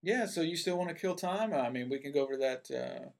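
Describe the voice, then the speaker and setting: A man's voice: on the high side, lively intonation, fast, gravelly. A man doing a chatty, pushy stranger. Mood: coaxing. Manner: chatty and coaxing. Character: friendly, pushy stranger man in a pickup truck.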